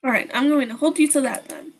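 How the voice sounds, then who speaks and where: High, giddy teen girl best friend, put on by a woman. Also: quick pace.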